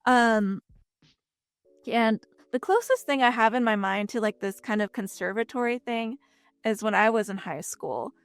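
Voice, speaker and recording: A woman's voice: fairly high pitch, unhurried, clear, resonant tone, dry recording. Chatty young woman from Texas. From Texas, United States. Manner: chatty, frequent fillers and lively quoted asides. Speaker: voice actress guest. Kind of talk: casual interview chat.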